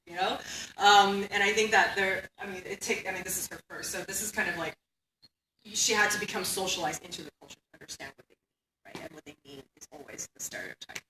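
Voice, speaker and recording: A woman gives a keynote lecture with a bright, sharp tone. She talks conversationally and keeps asking the room "right?" She is picked up from a distance in an echoey hall with faint hiss. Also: mid-range voice, animated, brisk. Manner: conversational, tags points with "right?". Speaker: keynote speaker, academic. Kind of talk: conference lecture.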